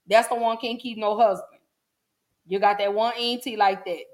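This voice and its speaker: A woman hosts a casual solo podcast, chatting with her listeners in a folksy way and calling them y'all and baby. Her mid-range voice holds a steady tone at normal speed.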